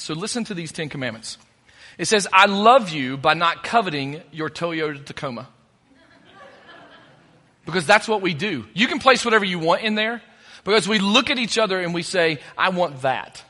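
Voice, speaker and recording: A man's voice: sits high, bright, forceful tone, in a large hall. A man preaching a sermon as pastor, conversational and joking between points.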